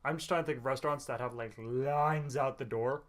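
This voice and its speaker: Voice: mid-range voice, fairly even intonation, fairly quick. Guest roommate, dry teasing quips, casual podcast chat.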